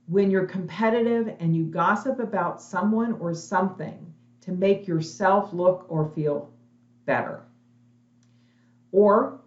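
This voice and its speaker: A woman's voice: fairly low pitch, a little mellow, echoey room, dull audio. A middle-aged woman giving a direct, emphatic motivational webinar talk as a conference speaker. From lives in Texas.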